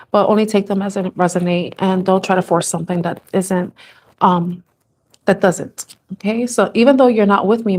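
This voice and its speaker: Speaking in a mid-range, somewhat dark voice, this tarot reader talks to camera during a live reading. Her manner is gentle and meandering, and emotion wells up until she is close to crying at points.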